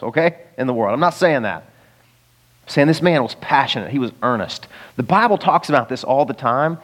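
A man preaching a sermon in a church, conversational and animated, with jokes and rhetorical questions. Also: fairly high pitch. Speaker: pastor.

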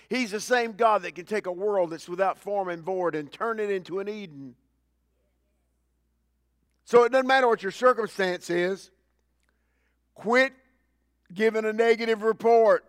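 Male pastor, high-pitched, preaching a sermon; loud emphasis alternating with hushed lines, lots of repetition. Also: moderate pace, long pauses, no echo. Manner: preaching with swings between loud emphasis and low quiet asides; repeats key lines for emphasis.

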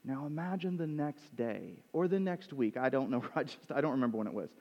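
A man preaching a sermon as pastor, conversational and animated, moving between quick asides and slow, emphatic lines. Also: medium pitch, long reverb tail, dull audio.

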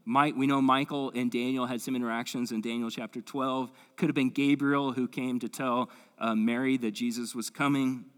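A man's voice: mid-range voice, level tone, normal speed, few pauses, a bit bright. Enthusiastic pastor man teaching. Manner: enthusiastic, conversational, says "man" and "like". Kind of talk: Bible teaching. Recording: long hall reverb.

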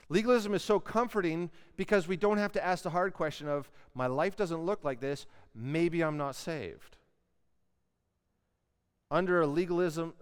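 A pastor delivers his sermon in a fairly high, smooth and resonant voice. He is earnest and leans hard on key words. The sound carries a long reverb, as if from a church sanctuary.

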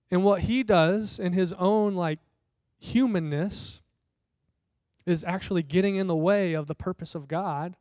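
A man with a high, smooth and resonant voice preaches a sermon. He tells the story conversationally and slips into the voices of the people in the passage. The sound is close and dry. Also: a little mellow, no room sound. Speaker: pastor.

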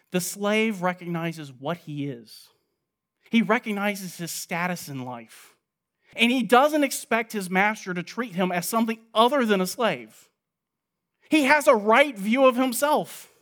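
A man's voice: sits high, fairly bright tone. A man preaching a sermon in the manner of a Bible study, earnestly reading scripture aloud and explaining it verse by verse.

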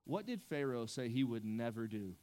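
A man's voice: mid-range voice, big pitch swings, normal speed, a little mellow. A man preaching a sermon as pastor, conversational and emphatic, often restarting his sentences.

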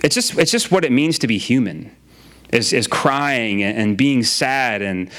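A man's voice: medium pitch, animated, unhurried, a bit bright. A man preaching a sermon in a casual, conversational way, often repeating his phrases and using filler words. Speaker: pastor.

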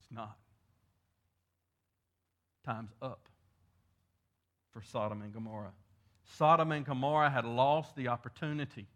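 A man's voice: mid-range voice, unhurried, long pauses, fairly bright tone. Emphatic preacher man. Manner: emphatic preaching with rising volume on key points. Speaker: pastor. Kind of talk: sermon.

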